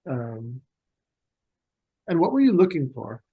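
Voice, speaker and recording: A man's voice: medium pitch, big pitch swings, slightly rough, narrow, tinny audio. A man narrating as game master of a tabletop role-playing game, hesitant and full of ums. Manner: slow, hesitant, many ums.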